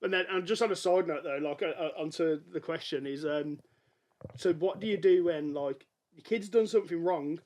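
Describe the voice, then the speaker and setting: A man with a notably high voice co-hosts a relaxed dads' podcast. He tells animated stories, stringing them together with plenty of fillers. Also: normal speed. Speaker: podcast co-host. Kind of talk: casual chat among dads.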